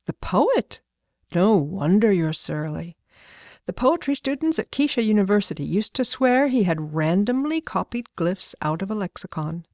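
Storybook role: mild, joking father, read by a woman. Wry and gentle. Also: mid-range voice, sing-song, normal speed, no echo, clean studio sound, lightly acted.

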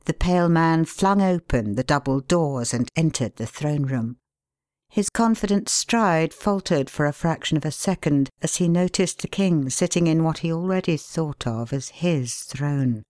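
Slow low-voiced woman narrating a story. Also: lively intonation, darkish tone, no room sound, studio quality.

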